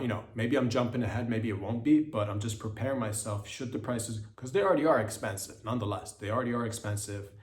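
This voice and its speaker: Rambling man in an echoey room. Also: on the low side. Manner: rambling, repeats himself, lots of fillers; animated mock quotes and exclamations. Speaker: podcast host. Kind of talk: solo comedic monologue.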